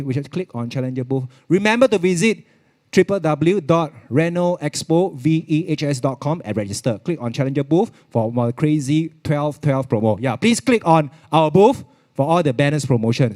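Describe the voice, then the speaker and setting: A man's voice: a little high, darkish tone. A man with a Singaporean English accent giving a chatty live product demo, repeating himself and slipping into Mandarin. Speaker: product presenter at a virtual expo.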